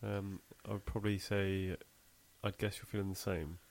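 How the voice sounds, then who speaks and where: Low gravelly man, laid-back podcast chat. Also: level tone, normal speed. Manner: laid-back, jokey storytelling. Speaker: podcast co-host. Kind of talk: casual chat.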